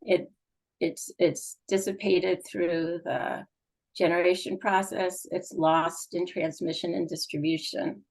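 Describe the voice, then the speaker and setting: A woman's voice: fairly low pitch, level tone, slow pace, gravelly, a little mellow, low-quality recording. A woman speaking for a gas utility at a public meeting, explaining at length with frequent fillers. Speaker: utility company representative.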